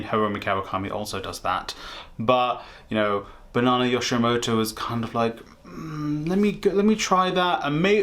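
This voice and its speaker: A young man ranting in a book review vlog, animated, profane and exasperated. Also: medium pitch. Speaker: book vlogger.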